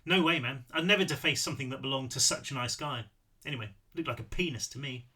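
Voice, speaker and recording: A man's voice: mid-range voice, fast, pushed and bright, breathy edge. A man voicing a cocky, sarcastic teenage boy in a read-through of his novel. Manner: sarcastic, mouthy.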